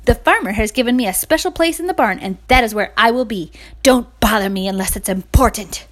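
A woman voicing a vain, bossy male rooster in a storybook, loud and commanding. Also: sits high, very animated, a little slow, exaggerated voice.

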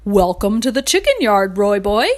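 A woman's voice: sits high, expressive, moderate pace, fairly bright tone. A woman voicing a friendly, polite male horse in a storybook, speaking cheerfully.

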